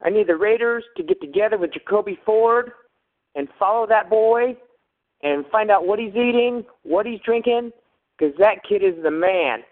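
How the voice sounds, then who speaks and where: A man's voice: high-pitched, lively intonation, moderate pace. A man calling a fan show, worked up and rambling, with many fillers and curses. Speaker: caller. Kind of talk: phone-in fan message. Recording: phone line.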